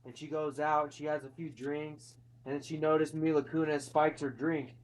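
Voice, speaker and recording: A man's voice: on the high side, level tone, normal speed, rough recording. A man casually retelling a film's plot, swearing and acting out quotes, in a chatty movie-recap conversation.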